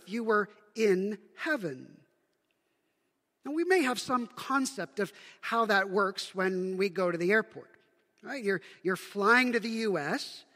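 A man's voice: high-pitched, fairly bright tone, big-room sound. A man from Canada preaching a sermon as pastor, conversational, asking the congregation rhetorical questions.

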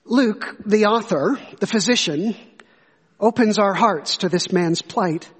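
A man's voice: high-pitched, slow pace, husky. A man preaching a sermon, telling a story earnestly and asking rhetorical questions. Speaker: pastor. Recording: long hall reverb.

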